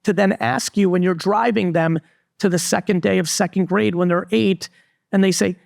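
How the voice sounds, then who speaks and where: A middle-aged man speaking to a live crowd, blunt and emphatic, leaning hard on his points. His voice sits high with a gravelly edge, and the sound is close and dry. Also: steady tone, moderate pace, no room sound. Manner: blunt, emphatic, repeats "literally". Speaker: entrepreneur and guest speaker. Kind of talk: live stage talk to an audience. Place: resort event stage before a live audience.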